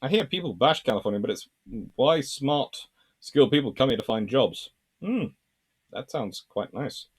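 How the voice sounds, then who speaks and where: A man's voice: mid-range voice, expressive, moderate pace, slightly rough. A man hosting a history channel, reading viewer comments aloud and answering them in a rambling, thinking-aloud way.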